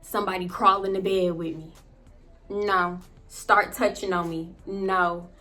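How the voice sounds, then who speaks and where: A woman vlogger telling a personal story in a casual, animated way, often turning to her viewers and laughing. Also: mid-range voice, a little slow, soft background music.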